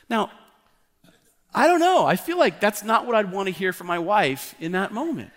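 A man's voice: sits high, sing-song, normal speed, fairly bright tone. A male pastor preaching a fervent sermon, often restarting his sentences and stepping into asides. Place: church sanctuary. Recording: long church hall reverb.

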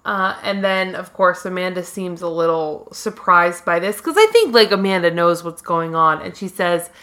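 A woman's voice: lowish voice, moderate pace, sharp tone. Chatty woman narrating a plot recap. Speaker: podcast co-host. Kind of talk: casual TV recap chat.

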